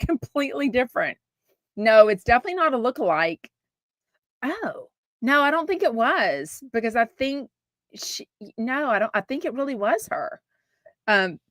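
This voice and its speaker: A woman's voice: fairly high pitch, no echo. A woman from Texas with a Southern accent hosting a podcast, gossiping frankly and casually, swearing now and then and answering live comments. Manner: chatty, frank, swears casually, lively asides. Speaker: podcast host.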